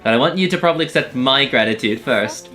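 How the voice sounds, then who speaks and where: A man's voice: mid-range voice, expressive, quick pace, pushed and bright, soft background music. A man voicing an eccentric, smug young female scientist, reading game dialogue with theatrical, formal phrasing. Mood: smug gratitude.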